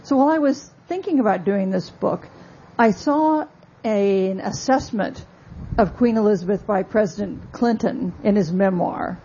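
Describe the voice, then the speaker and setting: A woman author giving a talk about her book, telling stories in a measured, wry way with asides. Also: medium pitch, warm tone, muffled recording, a little hiss or hum. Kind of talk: lecture-style talk.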